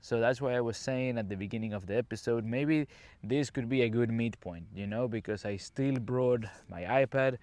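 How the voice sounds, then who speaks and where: An English teacher from a Caribbean island hosts a casual podcast, walking around an outdoor campsite and chatting directly to the listener as he explains things, recorded on his phone. His mid-range voice has a darkish tone and normal speed, with no room sound.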